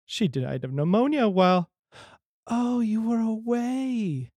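A man's voice: sits high, expressive, slow pace, darkish tone, no echo, studio quality, pitched above the performer's own voice, full character voice. A man voicing an old male castle servant who glumly reports one family death after another. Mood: mournful. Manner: mournful, reciting bad news.

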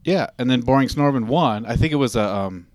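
A man's voice: medium pitch, animated, fairly quick, darkish tone, no room sound, studio quality. A man hosting a casual chat, telling long rambling stories full of asides and fillers.

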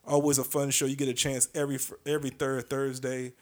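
A man's voice: medium pitch, level tone, fast, darkish tone. Rambling man hosting a comedy podcast. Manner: rambling, hesitant, does brief voice impressions. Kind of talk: casual podcast chat.

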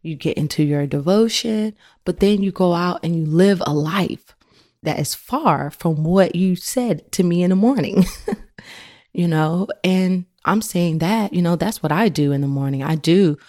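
Woman, middle-aged, devotional podcast host, mellow low voice, dry close sound, earnest and chatty. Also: measured pace, no room sound. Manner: earnest, conversational, frequent "you know".

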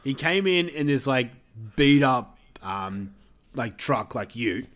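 A man's voice: medium pitch, lively intonation, slow, fairly bright tone. A man chatting casually as a podcast co-host reviewing films, loose and sweary, laughing often. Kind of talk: casual chat.

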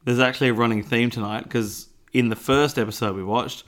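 Man, casual podcast co-host; relaxed rambling delivery with asides. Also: medium pitch, brisk. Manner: rambling, easygoing, trails into asides. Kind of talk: casual chat.

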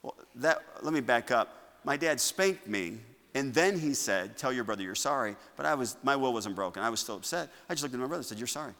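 A man preaching a sermon to his church, moving between loud declarations and quiet asides. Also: mid-range voice, lively intonation, brisk. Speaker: pastor. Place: church sanctuary. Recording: long reverb of a church hall.

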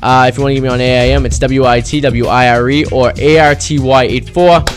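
A man's voice: mid-range voice, fairly even intonation, brisk, soft background music. A young man hosting a college radio show from a campus studio, joking and rambling between clips. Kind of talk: casual radio chat. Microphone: studio mic.

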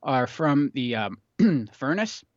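A man's voice: medium pitch, very animated, takes it slowly, no room sound. Laid-back rambling man, dry dull sound. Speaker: podcast co-host. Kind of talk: casual chat. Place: makeshift recording booth in a basement.

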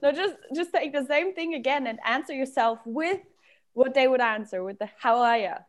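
A woman's voice: sits high, expressive, normal speed. A woman teaching an improv class, giving playful instructions to her students.

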